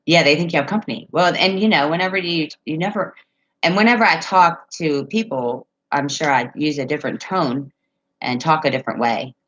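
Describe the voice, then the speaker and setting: A woman's voice: sits low, fairly quick, fairly bright tone, lo-fi sound. A woman chatting casually on a live stream from home, reading viewer comments and telling rambling stories with frequent laughs.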